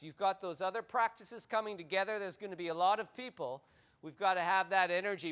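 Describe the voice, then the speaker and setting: A man with a high, bright voice gives announcements from the front of a conference session room. His tone is clean and clear, and his delivery is chatty and joking, often restarting a sentence before carrying on. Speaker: workshop moderator. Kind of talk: announcements to a live audience.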